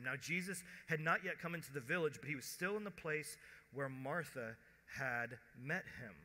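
A man preaching with a bright, forceful, fairly high voice, talking to the room like a conversation and slipping into quoted voices. His sermon rings out with a long reverb tail from a big church hall. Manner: conversational preaching, acts out quoted voices, drops to a hush at emotional points. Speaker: pastor.

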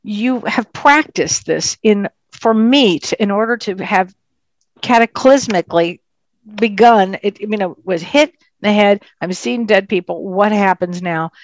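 A woman, a psychic medium, telling her story in a casual interview with an animated, emphatic manner. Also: mid-range voice, measured pace, no echo.

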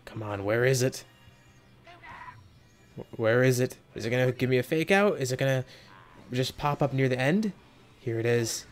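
Male gaming creator, casual chatty commentary, mid-pitched, faint background music. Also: moderate pace, pauses often. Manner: excitable, talks to himself while waiting.

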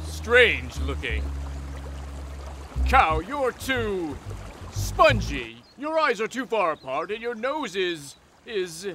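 A man's voice: high-pitched, sharp tone, full character voice. A man voicing an arrogant, vain male cartoon lion with a haughty, sneering manner.

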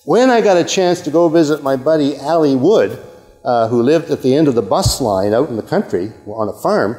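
An older man from Canada delivers a university lecture at a middling pitch, often restarting his sentences and tossing in asides and an "okay?" to his listeners. His voice carries a long reverb from the lecture hall. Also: lively intonation, normal speed, warm tone. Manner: rambling, self-interrupting, with frequent okays and asides. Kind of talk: academic lecture.

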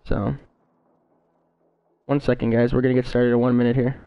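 A man's voice: medium pitch, flat delivery, normal speed, clear, resonant tone, no echo, muffled recording, soft background music. A young man live-streaming a game, casually greeting his viewers by name over a gaming headset.

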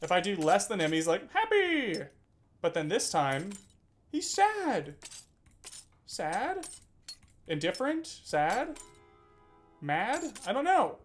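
A man's voice: sits high, expressive, a little slow, faint music behind. A man streaming a video game, chatting casually, reading game text aloud, laughing and swearing now and then. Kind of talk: casual gameplay commentary.

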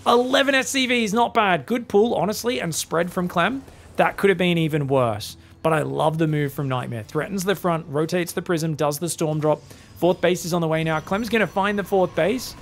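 A man's voice: a little high, normal speed, vocal fry. A man with an Australian accent doing solo esports commentary, chatty and joking with teasing asides. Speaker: esports caster.

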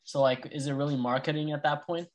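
A man's voice: on the high side, steady tone, fast. A male student asking questions in class, hesitant and full of fillers. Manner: hesitant, uses many fillers like "like".

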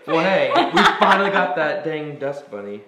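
A man co-hosting a casual board game playthrough, thinking out loud and getting excited over moves. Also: on the high side, normal speed, echoey room. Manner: thinks aloud, easily excited. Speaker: co-host.

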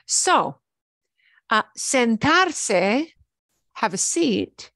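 A woman teaches a Spanish lesson at an unhurried pace. She repeats each word patiently for her learners, and her voice sits close and dry on the mic. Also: a little high, very animated, a bit bright, no room sound. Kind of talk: online language lesson.

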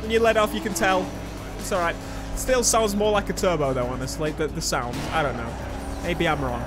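Male gaming YouTuber, high-pitched, excitable racing commentary over game music. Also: fairly quick. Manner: excitable, shouts and laughs at the race. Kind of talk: let's play commentary. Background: game music and engine sounds.

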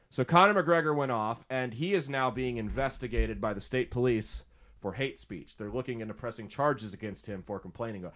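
A man's voice: medium pitch, moderate pace, fairly bright tone. A man hosts a talk podcast and delivers the news with emphatic indignation. He leans hard on key points and speaks in a mid-range voice. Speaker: podcast host. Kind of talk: opinionated news commentary.

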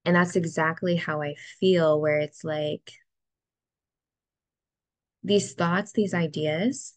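A young woman talking to the camera in a reflective personal vlog, soft and heartfelt, near tears at times. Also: low voice, fairly even intonation, slow, no echo. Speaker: vlogger. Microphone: ring light setup, camera close to face.

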